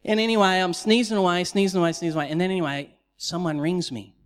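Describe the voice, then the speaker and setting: A pastor preaching a sermon, telling the story in an animated way and acting out the quotes. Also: male voice, high voice, fast, clean tone. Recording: long reverb of a large hall.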